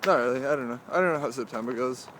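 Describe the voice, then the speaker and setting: A young man talking casually to the camera as he walks outdoors through a cemetery, rambling and halting, with many "like"s and restarts. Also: medium pitch, a bit bright, slight background noise. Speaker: vlogger. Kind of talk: casual walking vlog monologue.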